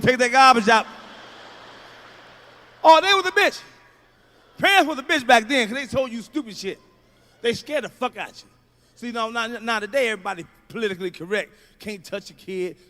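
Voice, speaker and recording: A man works through a stand-up routine, loud and profane. His voice sits very high and comes out sharp and forceful. He tells his stories by acting out the people in them. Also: expressive, a little fast, pauses often. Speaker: stand-up comedian. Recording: archival stand-up clip.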